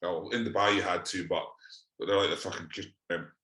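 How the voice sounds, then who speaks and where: A man's voice: deep voice, fairly even intonation, brisk, a bit bright, echoey room, poor audio. A Scottish man co-hosting a podcast, chatting casually in a sweary, exasperated, rambling way. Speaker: podcast co-host. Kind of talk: casual chat.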